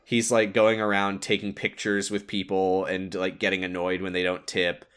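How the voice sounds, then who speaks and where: A man co-hosting a podcast, casually retelling movie scenes and acting out the characters in quick put-on voices. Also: low voice, clean tone. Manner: animated, acts out characters in funny voices while retelling scenes. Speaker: podcast co-host. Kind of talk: casual recap chat.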